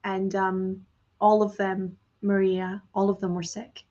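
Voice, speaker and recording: A woman's voice: mid-range voice, monotone, a little slow, mellow. Earnest chatty woman on a dull line. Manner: chatty, earnest, filler-heavy. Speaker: host, course teacher. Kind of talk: conversational interview.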